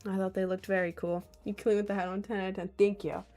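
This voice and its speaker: A woman's voice: mid-range voice, little pitch movement, fast, mellow, faint music behind. Young woman, streamer, casual chat, giggly, rambling. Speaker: livestreamer.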